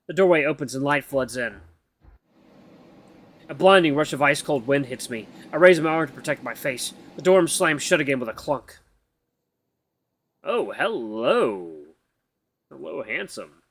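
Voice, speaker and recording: A man's voice: fairly high pitch, moderate pace, fairly bright tone. Casual man reading a game aloud. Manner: casual, tired, stumbles over words. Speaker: gaming YouTuber. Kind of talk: reading a visual novel aloud.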